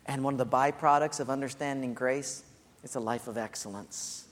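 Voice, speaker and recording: A man preaching a sermon as pastor, earnest and repetitive, dropping soft and low on his key points. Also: fairly even intonation, moderate pace, slight background noise. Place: church sanctuary. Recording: echoey hall.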